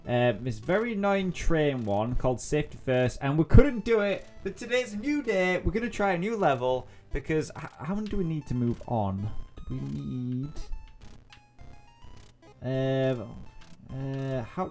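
A young adult man giving let's-play commentary, excitable and thinking aloud, often repeating himself as he plays. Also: fairly high pitch, normal speed. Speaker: gaming YouTuber. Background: faint game music.

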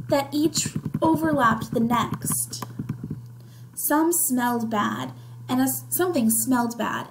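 Slow, expressive woman reading a story aloud. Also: fairly high pitch, slight background noise, rough recording. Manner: slow, expressive first-person narration. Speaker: reader. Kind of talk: reading a children's novel aloud.

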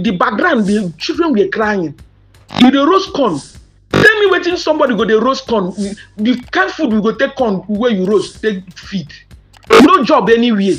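A woman's voice: high voice, a bit bright. A woman with a Nigerian accent speaking to subscribers in an impassioned monologue, emphatic and mixing Pidgin and English, with outraged questions.

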